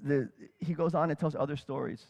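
A man's voice: fairly high pitch, brisk, gravelly, long reverb tail, dull audio. A man telling stories in a sermon, acting out the people he quotes as he tells them. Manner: animated retelling that acts out quoted speakers. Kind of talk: storytelling sermon.

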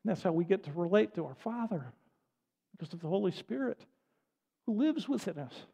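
A man's voice: sits high, animated, fairly quick, vocal fry, dark tone, breathy edge. An older man preaching a sermon as pastor, speaking in an earnest, repetitive cadence. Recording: long reverb of a large hall.

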